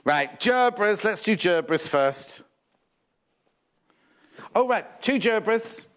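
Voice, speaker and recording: Chatty, lively male shopping presenter. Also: sits high, slow. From England. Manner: chatty, fussing aloud, reading out viewer messages. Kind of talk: live sewing shopping TV chat. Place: TV studio.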